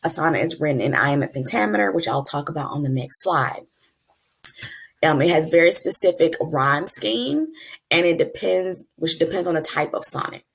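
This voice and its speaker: A woman explaining a lesson to her class. Her voice sits low and has a gravelly fry, and she talks in a relaxed, chatty way, calling the students y'all and filling pauses with um. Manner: casual, addresses class as y'all, frequent ums. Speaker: teacher. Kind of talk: classroom lecture.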